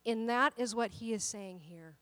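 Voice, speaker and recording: A woman's voice: fairly high pitch, moderate pace, fairly bright tone, no room sound. A woman pastor preaching a sermon, telling a personal story and building to emphatic encouragement. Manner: personal storytelling, quotes voices in dialogue, builds to emphatic exhortation.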